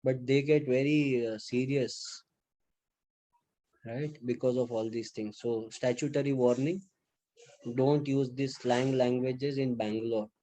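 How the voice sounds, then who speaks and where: A man's voice: medium pitch, measured pace. A man from Mumbai with an Indian English accent, a lecturer telling chatty anecdotes to his students in a casual classroom style. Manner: chatty, animated anecdotes with acted-out quotes.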